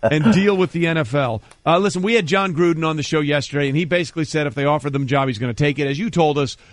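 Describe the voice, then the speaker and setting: A man hosts a sports radio show with a lightly higher-pitched voice. He keeps things wry and teasing as he tosses questions to his guests. The sound is close and dry. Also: quick pace, dry recording.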